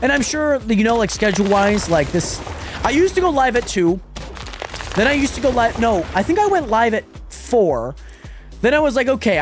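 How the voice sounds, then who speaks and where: A young man chatting casually with viewers while live-streaming a game, animated and often exasperated. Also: high-pitched. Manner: animated, swings between excited greetings and exasperated muttering.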